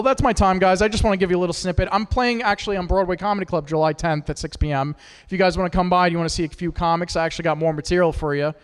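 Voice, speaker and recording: Performing stand-up for a live open-mic audience in a small studio, a man pokes fun at himself and the crowd in crude fashion. His voice is on the high side and smooth, with a long reverb tail behind it.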